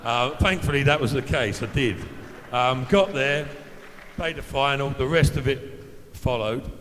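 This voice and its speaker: In a low-quality recording with a big-room sound and slight background noise, a fifty-something ex-footballer delivers after-dinner storytelling at an evening event. He's a chatty anecdote-teller who acts out quoted voices, speaking at a measured pace in a mid-range, slightly bright voice.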